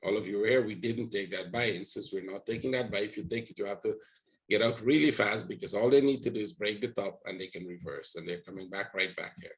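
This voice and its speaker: Guy with a lowish voice going over trade charts, kinda rambling, keeps asking "right?". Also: fast talker, rough recording. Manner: rambling, talks to viewers with frequent "right?". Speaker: trading educator. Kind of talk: live chart walkthrough.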